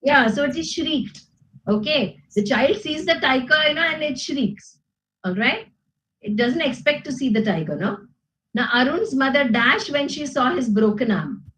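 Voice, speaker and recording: A woman's voice: high voice, lively intonation, moderate pace, fairly bright tone, low-quality recording. A woman teaching grammar to a class, patiently explaining and checking in with "you know" and "okay?". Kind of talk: classroom lesson with student responses.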